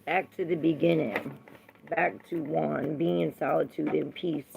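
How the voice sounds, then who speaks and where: Gravelly low-voiced woman rambling on a livestream. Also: fairly even intonation, unhurried, noisy background. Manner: rambling, greets viewers by name. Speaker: tarot reader. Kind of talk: casual livestream chat.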